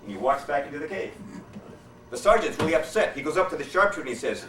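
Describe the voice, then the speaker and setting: A man doing a stand-up routine, telling jokes with deadpan setups and quoted character voices. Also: on the high side, fast talker, slight background noise. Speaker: stand-up comedian. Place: hotel meeting room. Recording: echoey hall from far off. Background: audience laughter.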